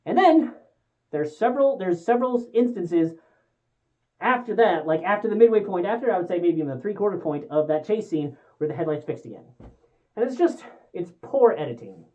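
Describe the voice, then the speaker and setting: A woman rants through a casual movie review with a lively, swooping pitch. She swears freely and sounds exasperated. The recording is dull and lo-fi. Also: fairly quick. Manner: exasperated, profane ranting.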